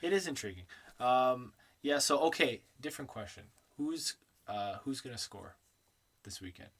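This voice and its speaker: A man's voice: mid-range voice, expressive, moderate pace, fairly bright tone, husky. Teasing man co-hosting a podcast. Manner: teasing, laughs often. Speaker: podcast co-host. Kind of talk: casual chat.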